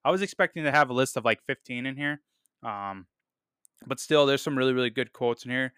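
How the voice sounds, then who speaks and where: On his podcast, a man reviews a film in an upbeat, casual way, full of fillers and repeated words like "really, really," laughing at the quotes he reads out. His medium-pitched voice is brisk, fairly bright, clear and resonant. The studio-quality recording has no room sound.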